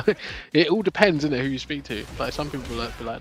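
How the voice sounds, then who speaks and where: A man's voice: mid-range voice, expressive, quick pace, a bit bright, soft background music. A man, chatting loosely with viewers on a live stream, full of fillers and restarts. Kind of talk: casual chat with viewers.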